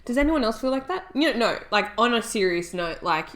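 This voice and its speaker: A woman's voice: fairly high pitch, sing-song, fairly quick, noisy background. A woman co-hosting a casual podcast chat, teasing and mock-indignant. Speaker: podcast co-host.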